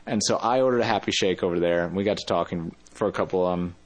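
Low-voiced man telling a rambling story. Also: fast talker. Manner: rambling, self-correcting. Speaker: interview guest. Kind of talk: casual storytelling.

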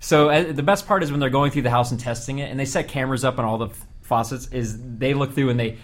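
A man's voice: mid-range voice, fast. A man hosting a casual group podcast, telling a long story with lots of laughter and restarts. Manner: rambling storyteller, laughs often. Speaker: podcast host.

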